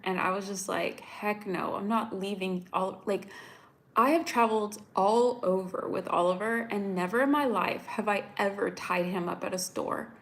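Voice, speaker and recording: A young woman from the United States telling viewers a story in a chatty, animated way, full of "like"s, upset and close to tears. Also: medium pitch, normal speed. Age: young adult. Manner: chatty, animated, many "like"s, addresses viewers directly. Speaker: vlogger. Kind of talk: casual storytelling to live viewers.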